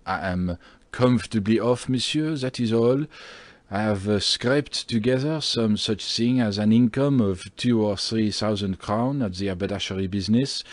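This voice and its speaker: A man's voice: on the low side, a little mellow, no room sound, close to an everyday voice. A man reading a timid, fawning landlord. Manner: slow, hesitant speech with fillers. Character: timid middle-aged male landlord, fearful, fawning.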